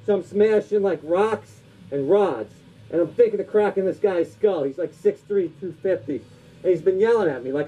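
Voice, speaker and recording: A man's voice: sits high, brisk, dark tone, faint music behind. A man, a comedian, telling loose, rambling anecdotes in a casual voice full of filler words. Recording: dull lo-fi recording.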